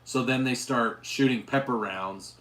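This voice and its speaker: A man hosts a casual gun livestream, answering viewers while his voice wears hoarse. He rambles and restarts often, at a middling pitch. The room around him rings with echo. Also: measured pace, a bit bright. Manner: rambling, with frequent restarts and fillers. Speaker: gun channel host reading live chat.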